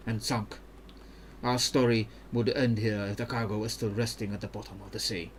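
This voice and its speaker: Brief: calm, guarded adult freedom fighter, one steady low tone, put-on accent; a man voicing him. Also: a little hiss or hum, natural voice. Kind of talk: reading game dialogue aloud.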